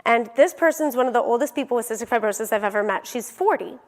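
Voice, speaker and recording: A woman's voice: a little high, expressive, quick pace, in a large hall. A young adult woman giving a motivational keynote, telling a personal story vividly and acting out the dialogue.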